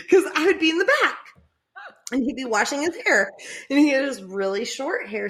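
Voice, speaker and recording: A young woman telling a story in casual chat, animated, swearing freely and often laughing. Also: high-pitched.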